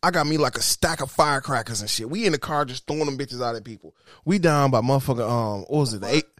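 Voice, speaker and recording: A man, telling rowdy stories in a profane, animated casual chat. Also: mid-range voice, quick pace, no room sound, studio quality. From Detroit, Michigan.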